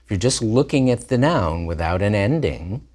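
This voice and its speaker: A man giving a scripted lesson, lively and deliberate as he sounds out words. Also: on the low side. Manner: animated, plays with vowel sounds. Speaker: teacher.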